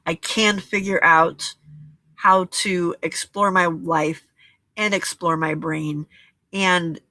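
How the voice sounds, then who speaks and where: Woman, challenge host, bright voice, gentle and encouraging, reflective casual talk, dry close sound. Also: fairly low pitch, fairly even intonation, slow pace, no echo. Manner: gentle and encouraging, often checks in with "okay?". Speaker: host of a journaling and crafting challenge.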